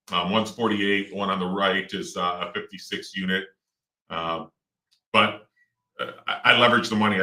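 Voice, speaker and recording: A middle-aged real estate investor talks in a loose, rambling way, full of fillers and false starts. His voice sits low but sounds bright and forceful. The mic is far from him, in a roomy, echoing space. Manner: rambling, with many fillers and restarts. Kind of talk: casual interview talk. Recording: roomy echo, distant mic.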